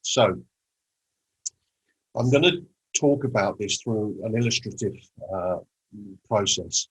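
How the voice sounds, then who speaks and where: A man's voice: on the low side, takes it slowly, slightly rough, low-quality recording. A man presenting a motivational talk on mindset, telling a story and acting out the conversations in it. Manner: storytelling, acts out quoted conversations.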